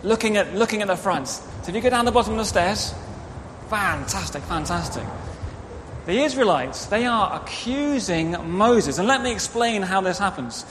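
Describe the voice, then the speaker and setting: Animated man leading a children's sermon. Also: sits high, normal speed, a little hiss or hum. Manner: animated, directs children, acts out quotes. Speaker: preacher leading a children's talk. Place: church. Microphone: microphone. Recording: reverberant hall, faint ambience.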